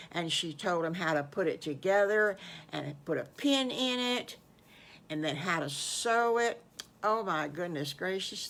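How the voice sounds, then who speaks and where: A woman's voice: on the low side, a bit bright. Folksy grandmother telling a bedtime story. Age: older. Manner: folksy, homespun.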